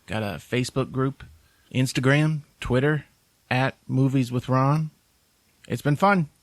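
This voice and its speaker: A man's voice: mid-range voice, measured pace, no echo. A man co-hosting a podcast, chatting casually, laughing often and making jokes. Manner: laid-back, laughs often, jokey asides. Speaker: podcast co-host. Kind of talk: casual movie chat.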